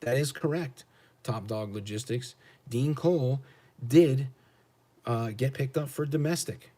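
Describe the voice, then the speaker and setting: A man with an American accent rants on a livestream, blunt, profane and combative, pressing the same questions on his chat again and again. His voice sits mid-pitch with a dark, mellow tone. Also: measured pace. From United States. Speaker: truck driver streamer. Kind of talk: livestream rant answering chat.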